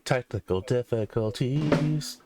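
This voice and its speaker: A man's voice: medium pitch, lively intonation, slow pace, loud music behind the voice. A man co-hosting a gaming podcast, chatting casually with easygoing jokes. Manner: joking, easygoing banter. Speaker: podcast co-host. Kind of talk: casual chat.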